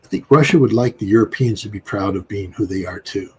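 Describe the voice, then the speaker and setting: A man's voice: on the low side, brisk, darkish tone, slight background noise, poor audio. An American man in his sixties, speaking as an interview guest in a rambling, emphatic way with frequent fillers. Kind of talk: casual interview talk.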